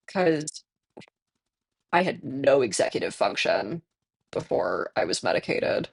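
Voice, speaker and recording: A streamer in their twenties, hoarse from tonsillitis, chatting candidly with viewers and laughing often while playing a game. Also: medium pitch, big pitch swings, slow, long pauses, no room sound. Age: 20s. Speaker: livestreamer reading chat.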